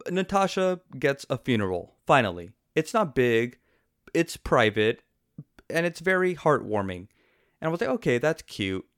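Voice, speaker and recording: A man's voice: medium pitch, very animated, normal speed, a bit bright, no room sound, clean studio sound. A man hosting a podcast, giving an opinionated, sarcastic movie review in casual chat and laughing often. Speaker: podcast host.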